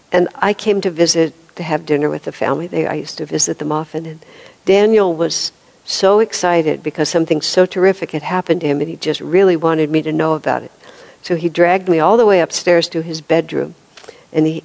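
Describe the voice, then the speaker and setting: A woman's voice: fairly low pitch, gravelly, a little mellow, rough recording. A woman in her seventies giving an informal spiritual talk, telling stories with laughs and restarts. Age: 70s. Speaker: spiritual teacher.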